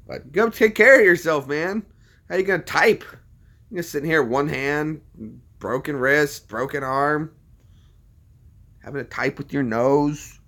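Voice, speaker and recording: A man's voice: a little high, unhurried, long pauses, pushed and bright. An American man in casual, upbeat chat, teasing and joking with strangers online. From United States. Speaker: vlogger chatting with strangers online.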